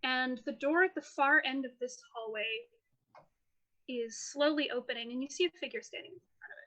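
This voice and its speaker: A woman's voice: high voice, brisk, pushed and bright. A woman running a tabletop game as game master, narrating scenes in a playful, descriptive way. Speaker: dungeon master.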